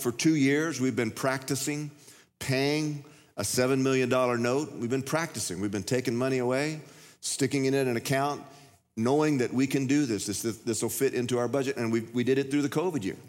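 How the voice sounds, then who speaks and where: Guy preaching in a big church, folksy story, voice rings around the hall, mid pitch. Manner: folksy storytelling, jumps to high loud outbursts. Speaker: pastor. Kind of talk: sermon.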